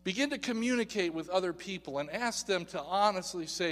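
A man preaching a sermon in a church, animated and putting questions to the congregation. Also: sits high, a little fast, hardly any pauses, big-room sound. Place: church sanctuary.

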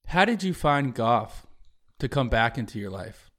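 Male host, medium pitch, empathetic and curious interviewer. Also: very animated, measured pace, fairly bright tone. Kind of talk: conversational interview.

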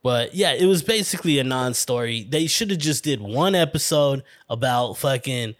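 A man's voice: mid-range voice, lively intonation, moderate pace, dry recording. A man hosting a casual podcast, rambling and swearing bluntly as he talks through documentaries. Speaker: podcast host.

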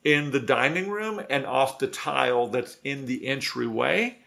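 A man with a gravelly, mid-pitched voice explains dog training in an easygoing way. His talk is loose and conversational, full of restarts and asides. He sounds like a trainer coaching owners. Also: unhurried. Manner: relaxed, conversational, many restarts. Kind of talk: casual instructional talk.

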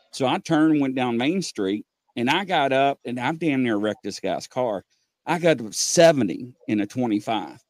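Animated storytelling man, lively pitch. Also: no echo, studio quality. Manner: animated, laughs while telling anecdotes. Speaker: show host. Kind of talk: casual storytelling.

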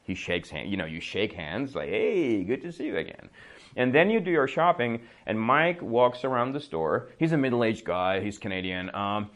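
A man's voice: fairly low pitch, big pitch swings, moderate pace, hardly any pauses, a bit bright. A man giving a casual English lesson, telling a story and often checking that listeners follow with "right?", laughing between remarks. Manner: chatty, checks understanding with frequent "right?". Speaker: English teacher.

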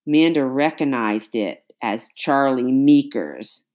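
A woman narrating an audiobook chapter in a measured, suspenseful way. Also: deep voice, expressive, a little mellow.

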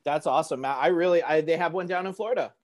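A man with a fairly high voice hosts a casual podcast chat. He tells animated stories and slips into movie quotes as he goes. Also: fast talker.

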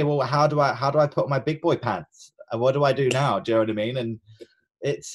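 A man co-hosting a podcast, talking in an earnest, reflective way with fillers and restarts. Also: mid-range voice. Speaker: podcast co-host and coach. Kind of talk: casual podcast chat.

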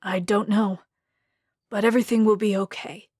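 A woman voicing a middle-aged father who speaks in a quiet, steady way. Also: mid-range voice, moderate pace, husky, no echo, clean studio sound, close to an everyday voice. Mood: reassuring.

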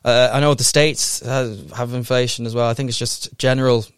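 A man's voice: mid-range voice, fairly even intonation, normal speed, clean tone, no room sound, clean studio sound. A young Irish man in casual chat, rambling and swearing freely as he tells stories. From Ireland.

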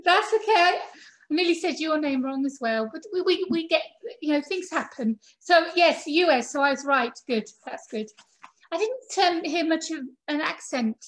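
A woman's voice: sits high, expressive, normal speed. A woman hosting a podcast interview, chatty and a little rambling as she introduces and questions her guest. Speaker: podcast host. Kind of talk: casual interview chat.

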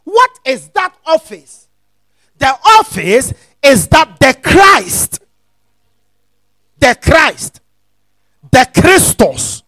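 A man preaching a teaching sermon. He repeats his phrases, checks that the congregation is following, and rises into shouted, sing-song emphasis. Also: very high voice, dry recording. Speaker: pastor.

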